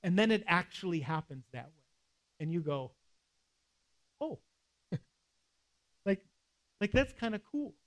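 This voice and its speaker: A man's voice: high voice, big pitch swings, normal speed, pauses often. A man preaching a sermon in a conversational way, with casual asides and quoted scripture. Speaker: pastor.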